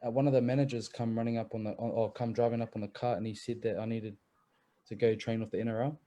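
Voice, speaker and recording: A man's voice: medium pitch, level tone, fast talker, mellow. A young man, a rugby league player telling stories in a casual chat, laid-back and swearing freely.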